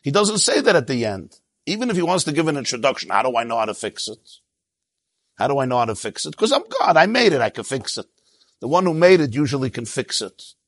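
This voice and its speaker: Male Torah teacher, middle pitch, lively delivery with jokes and asides, dry recording. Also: fast talker, no room sound. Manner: excitable, jumps up in pitch when stressing a point. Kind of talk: Torah class lecture.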